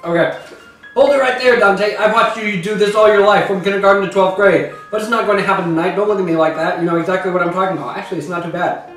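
A man's voice: high voice, fairly even intonation, very fast, a bit bright. A man performing a comic monologue while eating hot sauce, theatrical and coughing from the spice. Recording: echoey room, distant mic, faint music.

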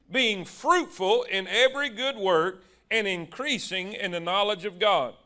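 Pastor guy preaching slow, high voice, drags words out, gets the church to answer back. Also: sharp tone. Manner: call-and-response preaching, drawn-out emphatic words. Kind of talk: sermon.

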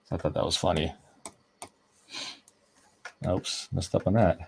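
A man with a low voice, fairly even intonation and vocal fry speaks at a measured pace, with slight background noise. He's an artist coloring on stream, chatting through a long anecdote and frequently restarting his sentences.

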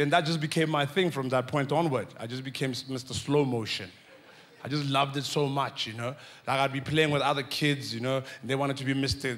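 A man telling childhood stories in an animated stand-up comedy set. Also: medium pitch. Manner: animated, acts out scenes.

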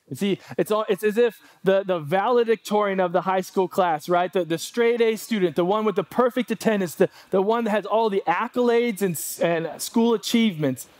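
A man preaching a sermon with a fairly high voice that leaps up when he acts out pleading lines. The sound is dry and close, with no room echo. He speaks as a pastor addressing his congregation. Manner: animated preaching with acted-out pleading quotes.

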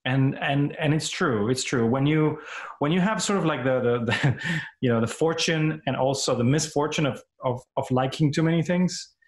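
Animated man from Argentina, echoey room. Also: on the high side, moderate pace. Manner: animated, laughs often, restarts phrases. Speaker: actor guest. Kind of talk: casual interview.

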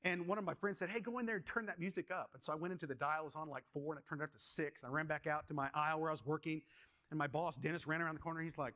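Delivering a sermon to his congregation in rapid-fire fashion, a pastor speaks in a high, bright voice with a steady tone. He poses questions to the listeners and draws on stories from his own past.

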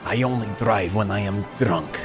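A man voicing a boastful, vodka-loving Russian soldier in a slow, stiff mock-Russian accent, with loud music behind. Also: lowish voice, close to an everyday voice.

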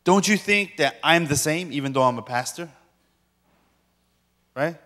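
A man preaching a sermon in a fairly high voice, with a playful, bantering manner toward the listeners. His voice rings out with a long reverb in a large hall. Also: lively intonation, measured pace, a bit bright. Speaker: pastor.

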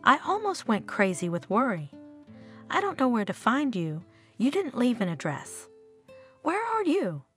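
A woman's voice: a little high, wildly swooping pitch, measured pace, soft background music. A woman voicing a loving, worried middle-aged mother in an audio story, tender and reassuring. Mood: frantic. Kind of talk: storybook narration.

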